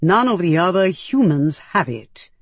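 A woman voicing a slow, commanding alien creature. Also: fairly low pitch, lively intonation, dry recording. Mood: firm. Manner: slow, measured, commanding questions. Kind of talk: audiobook character voice.

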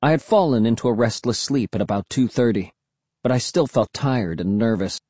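A man narrating a first-person storybook in an expressive, tense storytelling manner. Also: mid-range voice, moderate pace, slightly rough, no echo. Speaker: audiobook narrator.

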